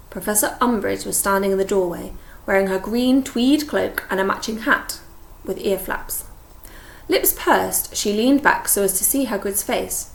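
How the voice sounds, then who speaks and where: A woman reading an audiobook in steady storytelling narration. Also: medium pitch, gravelly. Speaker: audiobook reader. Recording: echoey room.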